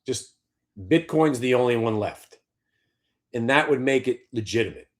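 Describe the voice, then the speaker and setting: Brash, sarcastic man ranting. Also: medium pitch. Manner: brash, profane, sarcastic rants. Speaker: market show host. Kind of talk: opinionated trading talk.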